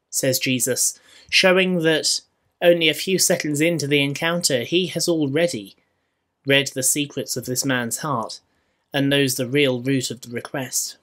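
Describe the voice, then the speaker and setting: A man with a Scottish accent preaching a sermon in church, measured and rhetorical, with dry humour. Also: mid-range voice, a bit bright. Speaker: minister.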